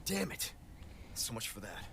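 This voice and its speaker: A man's voice: lowish voice, big pitch swings, a little slow, vocal fry, exaggerated voice. An actor playing a male agent reporting over a radio, terse and urgent. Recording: noisy radio call in game.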